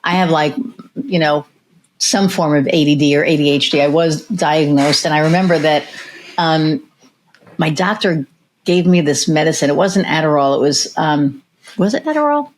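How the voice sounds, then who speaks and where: Chatty woman podcast host, lower voice. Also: normal speed. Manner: rambling, storytelling with many fillers and restarts. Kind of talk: casual interview chat.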